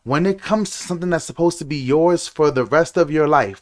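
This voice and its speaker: A man's voice: fairly high pitch, lively intonation, normal speed, few pauses. A man ranting to camera about marriage, frustrated, preachy and repeating himself. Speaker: commentator. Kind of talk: reaction rant to camera.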